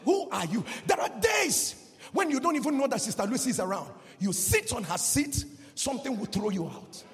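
A man with a very high-pitched, gravelly voice preaches a charismatic sermon into a handheld mic in a church hall. His sing-song cadence swings into shouting as he leads the congregation in call-and-response. Long hall reverb and background music fill the recording.

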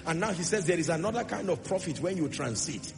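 Male preacher, high voice, gravelly, emphatic sermon, long hall reverb, music behind. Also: animated, fairly quick. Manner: emphatic, rhetorical questions, swings from loud declarations to soft asides. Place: church hall with congregation.

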